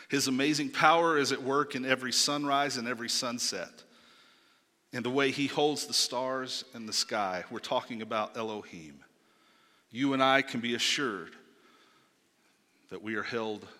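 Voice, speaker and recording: Male pastor, forceful bright voice, emphatic sermon delivery, long church reverb. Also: medium pitch. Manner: emphatic, swings from soft to loud exclamations.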